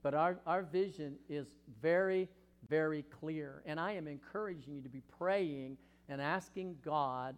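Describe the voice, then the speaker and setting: A man's voice: a little high, measured pace, smooth. Impassioned male pastor preaching. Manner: impassioned preaching, swinging from loud questions to hushed asides. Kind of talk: sermon.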